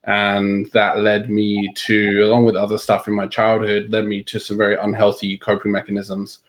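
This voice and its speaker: Low-voiced British man, flat delivery. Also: moderate pace. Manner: candid and open, self-deprecating. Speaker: nonprofit founder and interview guest. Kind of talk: casual interview.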